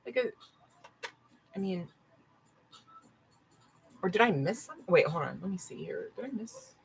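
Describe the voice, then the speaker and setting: A woman's voice: medium pitch, animated, moderate pace, gravelly, a little hiss or hum, low-quality recording. A woman doing a casual live-stream tarot reading, chatty and full of "right?" and "okay?" asides, with dogs barking now and then. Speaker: tarot reader.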